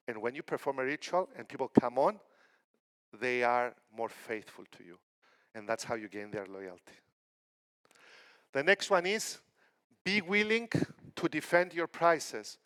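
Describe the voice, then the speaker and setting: A man's voice: medium pitch, a little slow, pauses often, clean tone. A middle-aged man from Cyprus giving a conference keynote, telling stories with acted-out quotes. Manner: animated storytelling with acted quotes. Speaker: keynote speaker.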